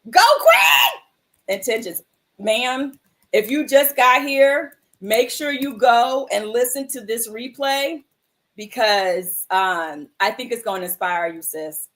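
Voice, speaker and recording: A woman's voice: fairly high pitch, takes it slowly, fairly bright tone. A woman hosting a livestream mindfulness show, chatting casually with viewers in an affectionate, encouraging way. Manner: affectionate, encouraging, calls viewers "my love" and "sis".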